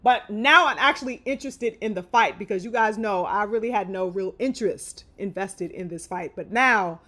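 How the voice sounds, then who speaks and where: A woman's voice: medium pitch, moderate pace, sharp tone. A woman hosting a live boxing talk stream, ranting in a heated, emphatic and profane way. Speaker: boxing commentary host. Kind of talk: live opinion commentary.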